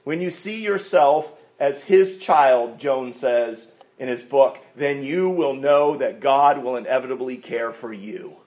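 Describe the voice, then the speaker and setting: A male pastor preaching a sermon, asking rhetorical questions and swinging between loud, stressed lines and quiet asides. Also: mid-range voice, slow pace, hardly any pauses.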